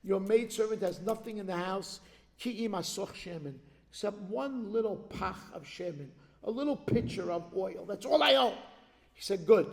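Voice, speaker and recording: Man, sermon, high-pitched voice, animated storyteller, long hall echo. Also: normal speed, gravelly. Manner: animated storytelling, checks in with the audience. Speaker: speaker at an organization's event. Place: large hall at an event. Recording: long reverb of a large hall.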